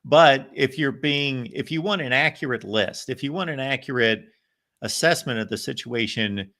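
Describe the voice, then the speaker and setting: A man co-hosting a college football talk show, reasoning through points in a measured, analytical way and thinking aloud. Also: mid-range voice, sharp tone. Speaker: college football podcast co-host. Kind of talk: casual sports chat.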